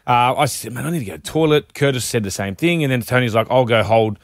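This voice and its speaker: Speaking fast in a mid-range voice, a young Australian breakfast radio host spins cheeky, animated stories amid casual sports talk and banter. The audio is dry and studio quality.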